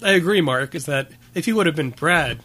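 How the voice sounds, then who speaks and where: A man's voice: fairly high pitch, lively intonation, a little fast, sharp tone. A man in casual conversation about films, talking with frequent fillers and hesitations. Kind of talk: casual film discussion.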